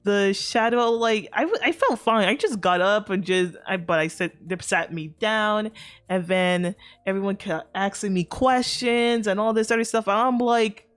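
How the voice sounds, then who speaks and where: A woman's voice: mid-range voice, normal speed. A woman streamer telling a casual, rambling story to her chat, full of fillers, restarts and the odd swear word. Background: faint background music.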